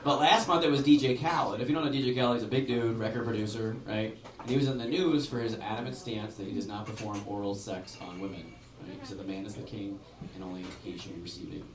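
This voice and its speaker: A man's voice: fairly low pitch, fast talker. A man doing a stand-up comedy set in a club, rambling and conversational, peppering his lines with "like" and "right?". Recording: roomy, noisy club recording from a distance.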